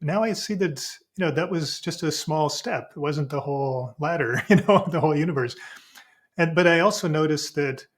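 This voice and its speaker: A man, a spiritual teacher, explaining ideas in relaxed conversation and acting out inner voices in sudden high exclamations. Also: normal speed. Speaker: podcast guest, spiritual teacher.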